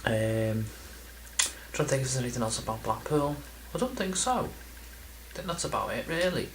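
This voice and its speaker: A man talks straight to camera in a loose, rambling vlog, stumbling over words and joking about his own memory. His voice sits at a middling pitch. A faint hum of room ambience sits behind him. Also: animated, normal speed, low-quality recording. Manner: rambling, self-deprecating, lots of ums and restarts. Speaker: video game collector vlogger. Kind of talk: casual chatty vlog.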